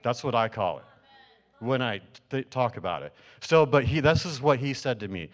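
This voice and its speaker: Guy telling his church about a dream, lots of ums and restarts, mid-pitched voice. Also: expressive, normal speed. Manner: storytelling, many fillers and restarts. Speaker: church member sharing a dream. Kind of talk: testimony to a congregation.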